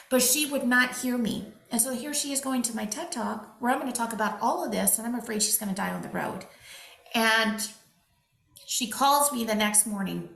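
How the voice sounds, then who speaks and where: A middle-aged woman, a physician and speaker, telling animated stories as a guest in an interview, slipping quoted dialogue into her talk. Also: on the high side, moderate pace, creaky. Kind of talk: conversational interview storytelling. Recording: echoey room.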